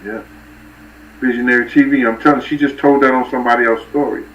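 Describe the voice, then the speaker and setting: A New man hosts a relaxed livestream, spinning loose stories in street slang and calling out names from the chat. His voice sits at an everyday middle pitch and comes from a little way off the mic. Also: quick pace, recorded from a distance, muffled recording, a little hiss or hum. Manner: loose, rambling street-talk storytelling with shout-outs to viewers. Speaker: livestream host. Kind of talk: casual storytelling on a livestream.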